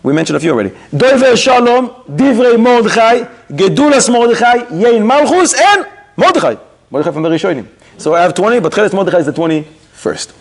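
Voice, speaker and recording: A man's voice: sits high, big pitch swings, fairly quick. A middle-aged man teaching a Torah class in a sermon style, with Yiddish-inflected Hebrew words, rising sharply into mock rebukes. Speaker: rabbi giving a Torah class.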